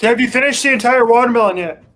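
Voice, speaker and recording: High-voiced man co-hosting a casual show. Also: quick pace, fairly bright tone, a little hiss or hum. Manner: laid-back, profane, wry. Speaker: co-host. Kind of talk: casual chat, reading news stories aloud.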